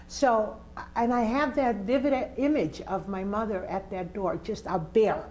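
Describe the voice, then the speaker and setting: In an interview, an older community organizer recounts a personal story emphatically, bringing scenes to life by performing them. She speaks at a medium pitch in an unhurried way with few pauses, and her tone is darkish. Expect slight background noise and a rough recording.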